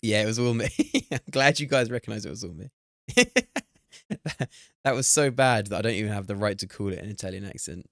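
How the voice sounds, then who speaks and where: A young man streaming a game, talking excitedly, swearing and laughing at himself. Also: on the low side, fairly quick, no room sound, studio quality. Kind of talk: live-stream gameplay commentary.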